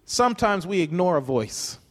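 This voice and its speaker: A man's voice: high-pitched, sing-song, moderate pace. A man preaching a conversational sermon as a pastor, telling stories and chuckling often. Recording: long hall reverb.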